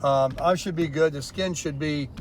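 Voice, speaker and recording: A man's voice: a little high, normal speed, a little hiss or hum. A man casually vlogging while driving in his car, offhand and rambling. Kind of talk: casual vlog talk.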